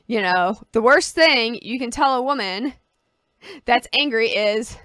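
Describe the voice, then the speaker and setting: A woman's voice: fairly high pitch, unhurried, sharp tone, no room sound, studio quality. A woman vlogger talking casually to camera, giving personal advice and explaining with homely analogies.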